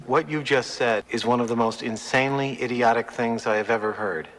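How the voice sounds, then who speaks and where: A man's voice: mid-range voice, brisk, a bit bright, lightly acted. A man playing a stern, scornful official. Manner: cold, cutting rebuke. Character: stern male official scolding a speaker. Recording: film clip with long hall reverb, faint ambience.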